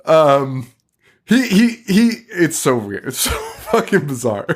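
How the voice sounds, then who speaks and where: A male podcast host, loose and animated as he recaps a horror film. His voice swings widely in pitch and breaks into laughter often. He swears freely, in an easy chatty manner. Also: slow pace. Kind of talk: casual movie recap chat.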